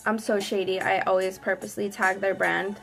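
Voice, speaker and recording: A young woman vlogger telling a sassy, animated storytime while doing her makeup. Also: medium pitch, brisk, creaky, soft background music. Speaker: beauty vlogger. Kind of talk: get-ready-with-me storytime.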